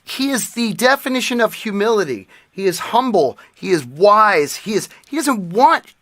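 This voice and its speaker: A man's voice: high-pitched, sing-song, normal speed, sharp tone, dry recording. A man in his forties co-hosting a podcast, telling earnest, emotional stories in casual chat. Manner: earnest storytelling, emotional tribute. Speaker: podcast co-host.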